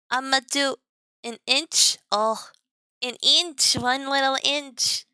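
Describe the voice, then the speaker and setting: A young woman on a live stream with a high, bright voice, talking slowly and playfully to her chat. She giggles a lot and teases in a sing-song tone. The sound is close and dry. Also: fairly even intonation, no room sound. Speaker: VTuber streamer.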